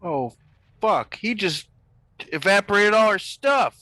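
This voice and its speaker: A man playing a tabletop game, talking in an excitable, flustered way. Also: high-pitched, slow pace, no echo. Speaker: player. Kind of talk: casual tabletop game play.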